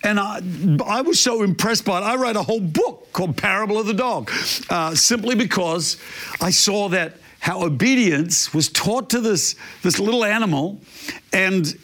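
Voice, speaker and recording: Male pastor, high voice, animated storyteller, sermon. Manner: animated storyteller, imitates barking dog.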